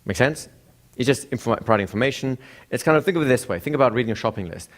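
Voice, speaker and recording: In a classroom lecture, a male instructor with a mid-range, expressive voice talks fast. He keeps throwing rhetorical questions at the room and acts out examples of speech intonation.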